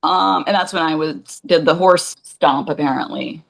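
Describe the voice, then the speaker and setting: A woman's voice: deep voice, moderate pace, vocal fry, low-quality recording. A woman in her forties, a podcast co-host, chatting casually and rambling, often acting out what others said. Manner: rambling, animated, acts out quoted voices. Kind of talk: casual chat.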